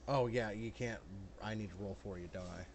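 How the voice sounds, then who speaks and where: A man narrates and rules as game master in a tabletop session, his voice sitting slightly low. He speaks bluntly and swears casually. The recording carries a clear layer of background noise. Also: fairly quick.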